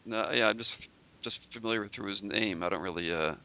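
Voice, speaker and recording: A man hosting an interview in a casual, halting way, repeating words, with dry humor. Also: fairly low pitch, sharp tone, lo-fi sound. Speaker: interview host.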